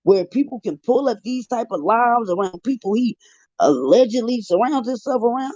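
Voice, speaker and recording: A man's voice: very high voice, animated, normal speed, darkish tone, no echo. A man giving heated, profane live commentary, ranting in an exasperated way on a livestream. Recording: dull lo-fi dry livestream audio.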